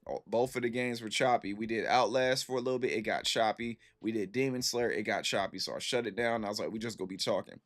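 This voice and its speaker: This man in his thirties has a lowish voice and talks fast with few pauses as he chats with stream viewers. He relates an animated, slangy story and says things more than once for emphasis.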